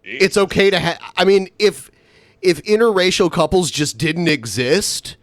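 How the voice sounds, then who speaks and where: Male podcast co-host, fairly high voice, dry sound, easygoing manner. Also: measured pace, fairly bright tone, no echo. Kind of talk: casual chat.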